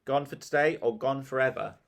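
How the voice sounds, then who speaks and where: A man's voice: medium pitch, fairly quick, creaky, natural voice. A man voicing a sulky, sour young girl who speaks grudgingly.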